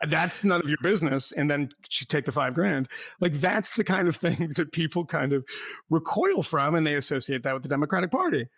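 Gravelly, sardonic man talking politics. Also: on the high side, sing-song, brisk, a bit bright, dry recording, studio quality. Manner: rambling, sardonic, laughs often. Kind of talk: casual political chat.

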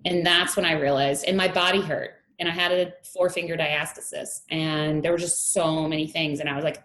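Candid woman with a lowish voice. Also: steady tone, brisk, hardly any pauses, background noise. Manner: candid, laughs often, acts out her past thoughts. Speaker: strength coach, guest. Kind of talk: conversational interview storytelling. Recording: echoey room, faint ambience.

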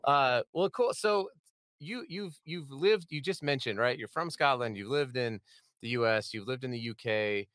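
A man's voice: medium pitch, normal speed, fairly bright tone, no room sound. Chatty, upbeat male podcast host. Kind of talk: casual podcast interview.

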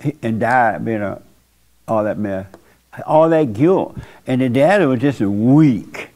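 On his church talk show, this host and pastor chats casually, preaching through folksy tales and blunt views. His warm, medium-pitched voice moves in a lively melody, and he takes his time.

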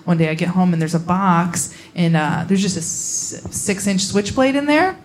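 Young woman comic from Indiana, dry deadpan delivery, live set with audible room noise. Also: fairly low pitch, moderate pace. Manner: deadpan storytelling, acts out quoted voices. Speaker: stand-up comedian. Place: comedy venue with a laughing audience. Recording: live show recording with clear audience noise.

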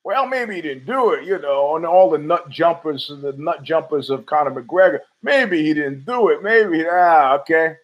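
A man rambles through a casual podcast monologue in a fairly high voice. He swears freely and keeps talking back to himself. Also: expressive, moderate pace, few pauses, poor audio. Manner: rambling, profane, argues with himself. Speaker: podcast host.

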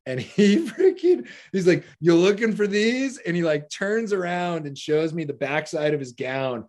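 This guest on a podcast has a voice on the high side, a little mellow and a little slow, with lively intonation. He tells his story casually and loosely, full of profanity, laughter, and repeated "like."

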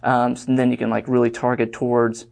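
Young male instructor, mid pitch, casual, filler-heavy lecture delivery. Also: monotone, a little fast, vocal fry, a little mellow. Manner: rambling, filler-heavy, conversational. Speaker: online course instructor.

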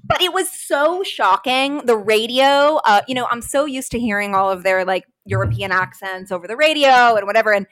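A woman co-hosting a casual sports podcast, animated and laughing, acting out quotes as she talks. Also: fairly high pitch, normal speed, few pauses. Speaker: podcast co-host. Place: room at home. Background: sirens outside window.

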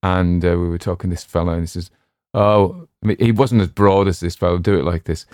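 A man's voice: deep voice, fairly even intonation, a little fast, a little mellow, smooth, dry recording, clean studio sound. A middle-aged man with a Cumbrian accent, chatting casually as a story channel's host, rambling and self-deprecating with many fillers and restarts. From West Cumbria, England. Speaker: audiobook narrator and channel host. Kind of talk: casual chat.

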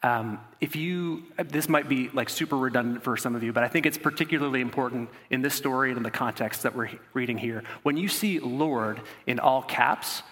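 A man's voice: mid-range voice, fairly quick, hardly any pauses, fairly bright tone. A man preaching a sermon, reading scripture and breaking off into casual, conversational asides. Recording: long hall reverb.

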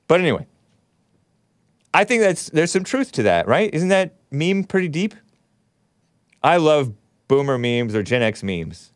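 A man's voice: fairly low pitch, clear, resonant tone, no echo, studio quality. A male talk show host riffing casually, joking asides to viewers and reading out chat comments.

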